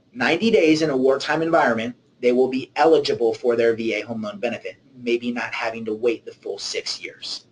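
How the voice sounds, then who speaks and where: A man's voice: mid-range voice, slight background noise, poor audio. Man explaining loans with "okay?" check-ins. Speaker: mortgage originator. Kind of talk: webinar presentation.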